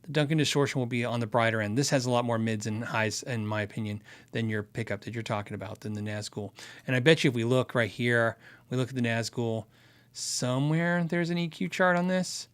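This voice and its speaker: A man's voice: medium pitch, a little fast, fairly bright tone, clear, resonant tone. A man hosting a casual livestream, answering viewer questions about gear in a chatty, rambling way. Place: Arizona.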